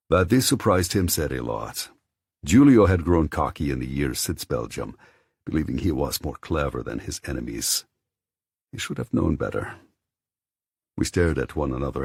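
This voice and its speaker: A man narrates an audiobook in the first person, his voice extremely deep and gravelly. His tone is cool and measured but moves lively in pitch, with a husky grain, recorded dry and close to the mic. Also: dry recording.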